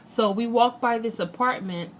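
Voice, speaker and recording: A young woman vlogger retelling something that happened to her in a casual, animated way, acting out what people said. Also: a little high, normal speed, a little hiss or hum. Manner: animated retelling, acts out quotes. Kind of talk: casual storytelling.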